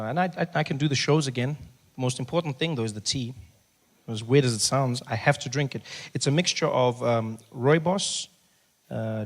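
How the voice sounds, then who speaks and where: A man performing stand-up comedy on stage, animated and loud as he acts out scenes. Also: medium pitch. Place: comedy stage before a live audience.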